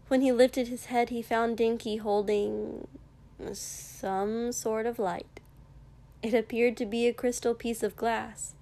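Brief: woman narrating a story audiobook, soft and measured, very unhurried, mid-pitched voice. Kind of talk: fan fiction audiobook reading.

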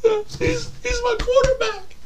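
A man imitating a wailing football star crying over his quarterback, in a high tearful shout. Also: level tone, unhurried, echoey room, distant mic, background noise.

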